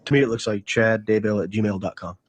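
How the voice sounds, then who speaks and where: A detective giving matter-of-fact courtroom testimony, describing photographs. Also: male voice, lowish voice, fairly even intonation, fairly quick. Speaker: detective witness.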